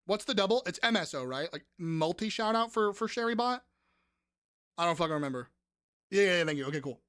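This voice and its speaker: A woman hosting a live-stream trivia game, excitable and profane, often breaking into shouts and squeals. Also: lowish voice, a little fast, dry recording, studio quality.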